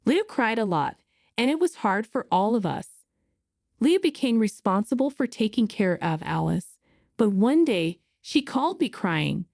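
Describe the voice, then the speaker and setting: A woman narrating a first-person story in an earnest, expressive way. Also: medium pitch, unhurried, creaky, no echo, studio quality.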